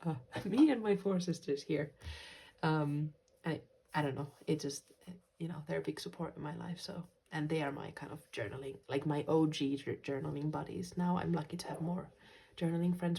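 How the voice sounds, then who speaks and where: Woman, from Finland, journaling vlog host: soft, gentle delivery with whispered asides, low pitch, gravelly texture. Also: steady tone, fairly quick. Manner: soft-spoken, gentle, slips into quiet whispers. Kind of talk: casual vlog talk.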